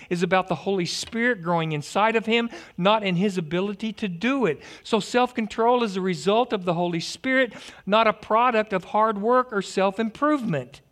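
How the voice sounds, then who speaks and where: Animated high-voiced preacher man. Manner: animated preaching, stammering restarts and jokes. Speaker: pastor. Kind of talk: sermon.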